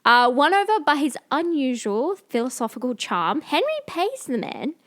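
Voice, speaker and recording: A woman co-hosting a podcast, retelling a film's plot in a playful, giggly, animated way into a podcast mic. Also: high voice, normal speed. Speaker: podcast co-host. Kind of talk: casual film recap chat. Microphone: podcast microphone.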